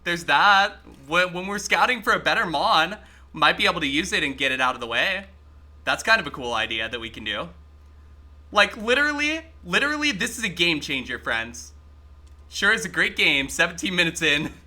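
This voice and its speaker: A man streaming a game live, chatting excitably with his viewers and swearing freely as he plays. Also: fairly high pitch, normal speed. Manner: talks to chat while playing. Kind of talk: casual live-stream gaming commentary.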